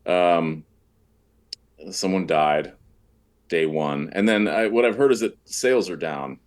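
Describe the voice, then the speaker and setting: Low-voiced man, podcast guest. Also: slow pace. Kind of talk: casual chat.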